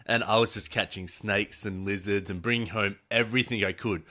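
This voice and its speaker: A man's voice: on the low side, fairly even intonation, brisk, bright, forceful tone. A man from Australia with an Australian accent, telling laid-back stories and swearing casually as a podcast guest.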